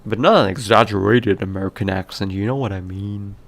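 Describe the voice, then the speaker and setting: A man's voice: on the low side, fairly quick. Rambling man streaming casually. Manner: rambling, self-correcting, with many fillers. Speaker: indie game developer and streamer. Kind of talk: casual livestream talk.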